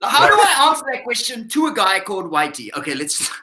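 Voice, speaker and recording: A man's voice: extremely high pitch, big pitch swings, pushed and bright, full character voice. A ventriloquist voicing a cheeky, outspoken male puppet sidekick, joking sarcastically over a video call. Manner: sarcastic, quick jokes, mock outrage. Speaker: puppet comedian guest.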